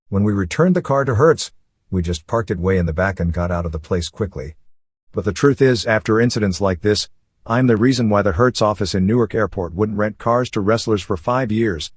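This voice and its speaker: A man narrating a first-person memoir in a steady, matter-of-fact storytelling way. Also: lowish voice, fairly quick, slightly rough, dry recording, clean studio sound.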